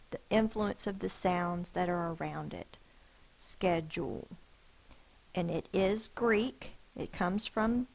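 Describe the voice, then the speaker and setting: A woman teacher giving a phonics lesson, sounding out words slowly and carefully. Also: fairly low pitch, gravelly, rough recording.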